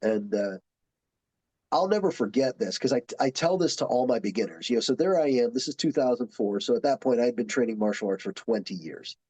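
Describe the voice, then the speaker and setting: Man telling stories, mellow and dry. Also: mid-range voice, brisk, slightly rough, no room sound, low-quality recording. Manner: animated storyteller, acts out quotes. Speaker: podcast guest, jiu-jitsu instructor. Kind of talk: casual storytelling chat.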